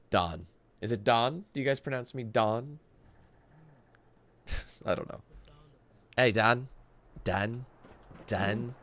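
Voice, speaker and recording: A man's voice: mid-range voice, slow, long pauses, fairly bright tone. A Canadian man giving casual gameplay commentary, chatty and loose, swearing casually as he plays. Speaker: gaming commentator.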